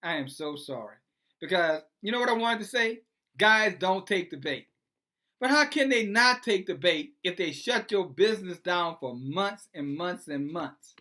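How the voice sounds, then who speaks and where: A preachy online commentator reads news aloud and breaks off to argue with it. The delivery is lively, and the pitch leaps up and down. The tone is bright and cutting, and the talk is packed with sarcastic rhetorical questions. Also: measured pace.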